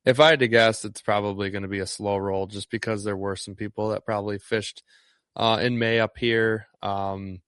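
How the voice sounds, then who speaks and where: A man from Northeast Wisconsin with a lowish voice, chatting loosely about his guiding work, full of ums and false starts. The sound is dry and close, with no room around it. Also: normal speed, smooth, dry recording. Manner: relaxed, rambling, lots of ums and restarts. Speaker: fishing guide. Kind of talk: casual interview chat.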